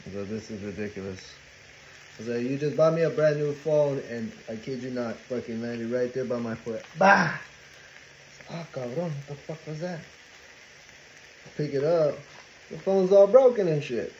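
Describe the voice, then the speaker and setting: A man telling a story while he cooks at home, in a casual, animated and profane way, dropping Spanish phrases into his talk. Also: medium pitch, normal speed, highs cut off, slight background noise. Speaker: cooking vlogger. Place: home kitchen. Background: frying and sizzling food.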